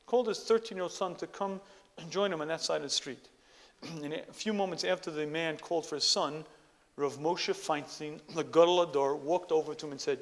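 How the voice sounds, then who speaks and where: A man giving an emphatic religious lecture who often clears his throat. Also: on the high side, normal speed, big-room sound. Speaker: Torah lecturer.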